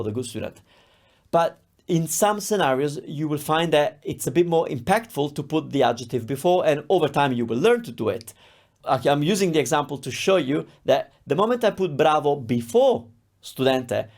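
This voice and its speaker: A man's voice: fairly high pitch, a little mellow. A man teaching a grammar lesson in a conversational, explanatory way. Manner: explanatory, conversational, with many examples. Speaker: language teacher. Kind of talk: online language lesson.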